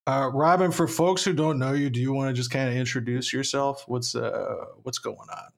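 A man's voice: medium pitch, steady tone, normal speed, vocal fry. A man co-hosting a podcast, chatting casually in a wry, joking way with long musing sentences. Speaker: podcast co-host.

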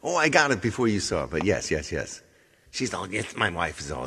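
A man casually hosting a live music stream, joking and rambling playfully with a raspy voice. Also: rumbling low, expressive, fairly quick, pushed and bright, big-room sound. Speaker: live stream singer host.

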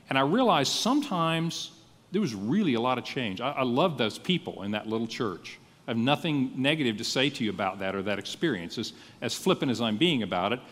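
A male pastor preaching a sermon, telling his story in a lively, animated way and acting out his own thoughts. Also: medium pitch, big-room sound.

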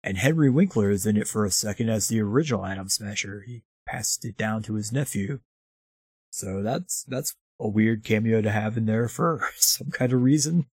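A man's voice: lowish voice, normal speed, darkish tone, husky, dry recording, studio quality. A man casually recapping a movie in a profane, rambling way, throwing in mocking impressions. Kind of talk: casual chat.

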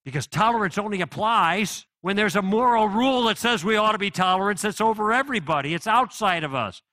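A man's voice: high voice, expressive, brisk, pushed and bright, no room sound. A middle-aged man giving a live apologetics talk, conversational and persuasive, with many rhetorical questions to the audience. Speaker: Christian apologetics speaker.

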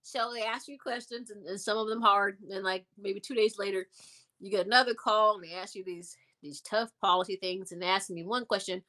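Yeah so a woman chatting in an interview, animated storytelling, bright forceful voice. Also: mid-range voice, a little fast. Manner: animated, acts out quoted voices. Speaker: interview guest. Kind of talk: casual storytelling.

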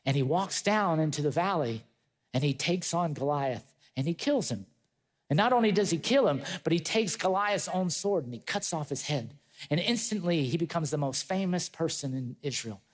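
Animated male pastor telling a story. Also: fairly high pitch, normal speed. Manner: animated storytelling, acting out quoted voices; chatty asides to the congregation. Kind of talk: sermon.

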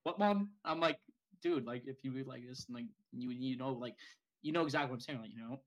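A man's voice: mid-range voice, steady tone, fast, rough recording. A young man co-hosting a podcast, telling a rambling story in casual chat and swearing freely. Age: young adult. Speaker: podcast co-host.

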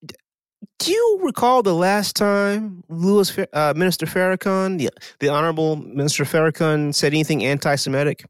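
A man's voice: lively intonation, moderate pace, no echo. A man co-hosting a casual podcast, rambling and sardonic in his opinions. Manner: sardonic, rambling, sudden pitch swings. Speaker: podcast co-host.

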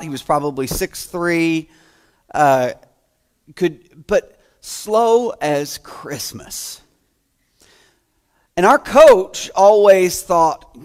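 A man preaching a sermon, telling stories with loud quoted lines and quiet trailing asides. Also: a little high. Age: adult, grew up playing school basketball. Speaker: pastor.

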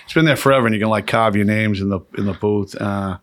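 A man, hosting a podcast and telling profane, animated stories with laughs. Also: on the low side, quick pace. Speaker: podcast host. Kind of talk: casual storytelling chat.

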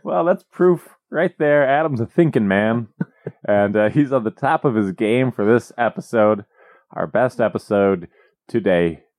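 A man co-hosting a podcast in casual comedic chat, teasing his partner with dry banter, in a small dark room. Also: mid-range voice, animated, measured pace, no room sound. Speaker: podcast co-host.

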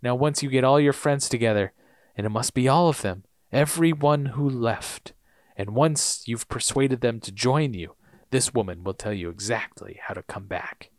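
A man reading as a calm, knowing older man. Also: mid-range voice, moderate pace, no echo, clean studio sound, pitched below the performer's own voice, close to an everyday voice.

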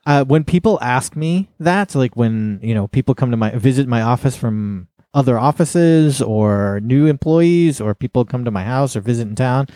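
A man with a mellow, dark voice chats on a podcast and laughs at his own expense. The sound is dry and close. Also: mid-range voice, lively intonation, normal speed, few pauses, dry recording. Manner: self-deprecating, laughing. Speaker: podcast co-host. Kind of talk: casual chat.

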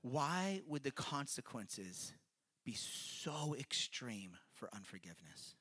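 Bright-voiced man preaching casually. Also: mid-range voice, very animated, slow pace, husky. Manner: chatty and earnest, checks in with listeners, laughs at the text. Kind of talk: casual conversational sermon with scripture reading.

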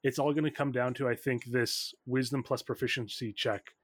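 A man narrating a tabletop game as game master in a quick, loose way, full of likes and ums. His voice sits in an ordinary middle range. The sound is dry and close. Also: mid-range voice, steady tone, no echo.

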